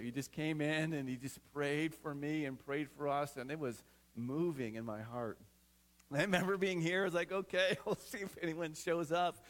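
Male pastor, high and bright in tone, chatty sermon delivery that builds to earnest appeals. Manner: conversational, checks in with the congregation; earnest, builds to emphatic exhortation.

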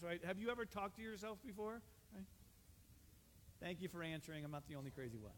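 A male pastor preaching a sermon in a conversational way, asking the congregation questions and rising to loud, emphatic passages. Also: high-pitched, fast talker. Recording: reverberant hall, faint ambience.

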